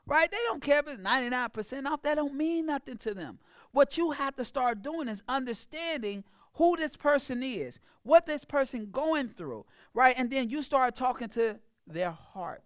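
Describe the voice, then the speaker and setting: A woman coach gives a motivational sales talk in a high voice. She speaks emphatically and preaches at her listeners. The sound is close and dry. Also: expressive, moderate pace, dry recording. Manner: emphatic, preachy, acts out clients in a mocking voice. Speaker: business coach.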